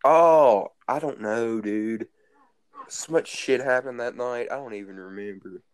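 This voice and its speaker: A man's voice: mid-range voice, a little slow, smooth, dry recording. A teenage boy telling rambling stories in casual chat, crude and swearing constantly. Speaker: guest storyteller.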